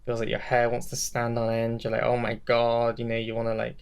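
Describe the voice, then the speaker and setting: A man's voice: mid-range voice, monotone, fast talker, gravelly, smooth. A young man co-hosting a podcast, talking in a casual, rambling and enthusiastic way, often laughing at himself. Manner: rambling, enthusiastic, self-mocking. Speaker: podcast co-host.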